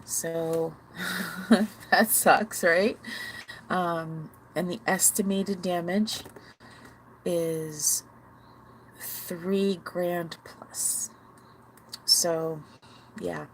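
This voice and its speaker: A woman's voice: fairly low pitch, fairly even intonation, drawn-out words, long pauses, a little hiss or hum, poor audio. A woman hosting a livestream, venting bluntly and with profanity to her viewers, with sighs and short laughs. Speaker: livestream host.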